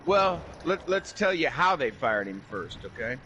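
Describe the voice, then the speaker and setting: Recounting a story in casual chat, a man swears a lot and keeps repeating "I said" while quoting himself, his tone forceful and heated. His medium-pitched, bright voice swings widely in pitch at a slightly slow pace, and the poor audio carries a little hiss or hum.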